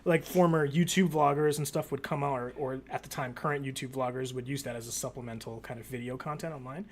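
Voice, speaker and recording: A young man chatting as a podcast guest, telling a story in an easy, quick-moving way. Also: mid-range voice, steady tone. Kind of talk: casual podcast chat.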